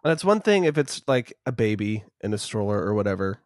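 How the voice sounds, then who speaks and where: A young man co-hosting a casual podcast, agreeing in a relaxed, casually profane way. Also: on the low side, a little fast, no echo, clean studio sound. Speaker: podcast co-host.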